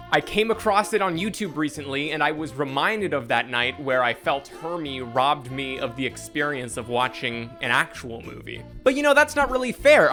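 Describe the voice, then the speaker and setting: A man's voice: fairly high pitch, bright, forceful tone. A young man hosting a sarcastic comedy commentary, casual and self-mocking. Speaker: commentary host.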